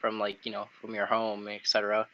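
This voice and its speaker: A man's voice: fairly low pitch, completely flat delivery, fairly quick. A man co-hosting a casual podcast chat, explaining things loosely with fillers like "whatchamacallit.". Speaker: podcast co-host. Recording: dull lo-fi sound.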